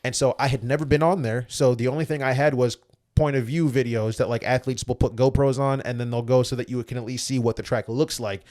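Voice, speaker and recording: A man's voice: medium pitch, brisk. A young adult man, a former Olympic athlete, chatting as a guest and telling stories animatedly. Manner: animated, acts out other people's voices. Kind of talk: casual storytelling chat.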